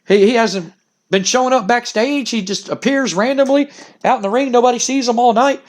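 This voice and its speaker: A man's voice: very high-pitched, fairly quick, pitched above the performer's own voice. A man doing a flustered, stammering wrestler. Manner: stammering, defensive. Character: flustered male wrestler under suspicion.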